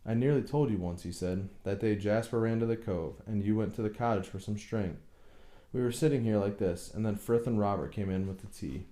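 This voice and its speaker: A man's voice: fairly low pitch, brisk, warm tone, reverberant, close to an everyday voice. Man voicing a brooding tormented husband. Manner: brooding, bursts into bitter anger.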